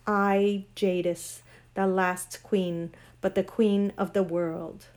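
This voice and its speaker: An imperious ancient queen of sorcery speaks, voiced by a woman reading a storybook aloud. Her voice is grand, cold and commanding, with a pitch that sits at an ordinary middle height. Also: level tone, slow, a little mellow, lightly acted.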